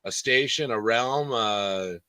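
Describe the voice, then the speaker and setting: A man's voice: medium pitch, slow, pushed and bright, no room sound. A man hosting a live stream, chatting in an easygoing way with lots of "like" and "dude". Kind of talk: casual chat.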